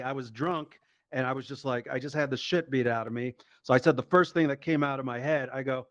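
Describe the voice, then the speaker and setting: A man doing a stand-up set, telling a profane, animated story and acting out the quotes. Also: medium pitch, fairly quick. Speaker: stand-up comedian. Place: live comedy show.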